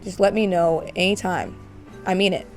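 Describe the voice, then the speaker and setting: A woman voicing a caring, fussy mother character in a life-sim game, asking gentle, worried questions. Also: lowish voice, steady tone, moderate pace, soft background music, close to an everyday voice. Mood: fond, worried. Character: caring middle-aged mother, doting, fussy.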